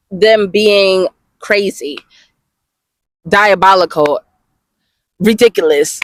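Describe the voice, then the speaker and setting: A woman reviewing comics in a loose, chatty reaction style, swearing freely and calling her viewers y'all. Her voice sits at an ordinary middle pitch for a woman, and the sound is dry and close with no room around it. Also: slow, pauses often, no echo. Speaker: webcomic reviewer.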